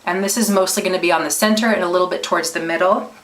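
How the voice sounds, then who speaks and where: A woman's voice: fairly low pitch, fairly even intonation, racing. A woman giving a casual makeup tutorial, chatty and explaining each step with small restarts. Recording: roomy echo.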